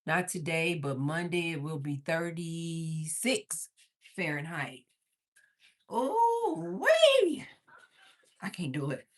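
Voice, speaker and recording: A chatty woman hosting a livestream, reading out viewer comments and laughing between them. Her voice sits fairly low but has a bright edge. She sounds slightly winded from moving while she talks. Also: steady tone, a little slow. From Missouri, USA. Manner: chatty, reads viewer comments aloud, laughs often, exclaims. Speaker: livestream host. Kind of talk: casual livestream chat.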